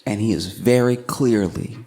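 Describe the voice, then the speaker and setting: A young man doing stand-up comedy, telling a story in an animated way and laughing as he goes. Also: fairly low pitch, unhurried, heavy background noise. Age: young adult. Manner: animated, laughing through his own story.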